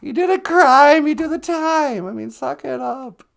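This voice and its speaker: A man's voice: extremely high pitch, unhurried, vocal fry, exaggerated voice. A man voicing a blunt, sassy female call-in show host who mocks her caller with dry put-downs. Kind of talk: comedy call-in sketch.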